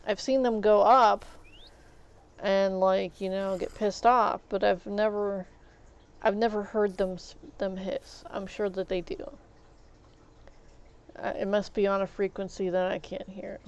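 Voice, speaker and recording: In a mid-range voice with little pitch movement, a woman speaks a little slowly while giving casual commentary on a game she's streaming. She vents her exasperation, stammers and restarts her sentences, and swears mildly.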